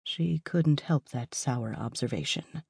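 Woman reading a fantasy audiobook, lively storyteller, bit husky, dry close sound. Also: extremely low pitch, takes it slowly, dry recording. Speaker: audiobook narrator. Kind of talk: scripted narration.

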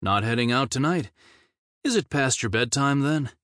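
A man voicing a teasing male band manager in his early thirties, brisk and upbeat, pitched higher than his reading voice. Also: expressive, fairly bright tone, dry recording, studio quality, lightly acted.

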